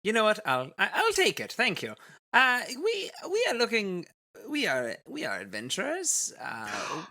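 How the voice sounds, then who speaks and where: A man's voice: high voice, huge pitch swings, unhurried, sharp tone, heavily acted. A man voicing a shifty halfling adventurer who stammers and fibs about where he comes from. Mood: evasive. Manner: hesitant, stammering, fibbing. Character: shifty halfling rogue posing as traveling folk.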